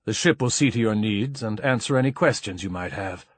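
A composed, formal male diplomat, voiced by a male narrator, measured and even. His voice is low and husky, recorded dry and close for a story reading. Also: no room sound. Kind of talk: audiobook character voice.

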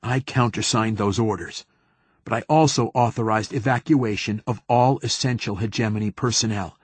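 A man playing a wounded young governor, clipped orders, husky tone, dry sound. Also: fairly low pitch, moderate pace, no room sound. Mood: commanding. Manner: clipped, authoritative.

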